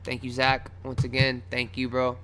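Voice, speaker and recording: A man's voice: medium pitch, monotone, moderate pace, slight background noise. Profane young man telling a wild story. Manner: loose and profane, acts out his own shouts. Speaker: vlogger telling a personal story. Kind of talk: casual storytelling vlog.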